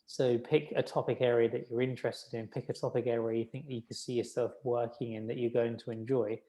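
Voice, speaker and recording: Relaxed man in his thirties. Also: mid-range voice, brisk. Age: 30s. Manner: relaxed, self-deprecating, many restarts. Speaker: podiatrist guest. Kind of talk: casual interview chat.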